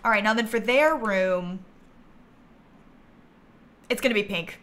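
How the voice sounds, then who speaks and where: A woman livestreaming a game, chatting casually and thinking aloud, with bursts of giggly excitement. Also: medium pitch, a little slow. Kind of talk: casual gameplay commentary.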